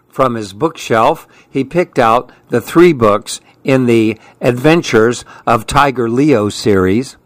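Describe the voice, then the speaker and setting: A man hosting a radio children's story hour, reading picture books aloud in a gentle, friendly manner. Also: mid-range voice, no echo.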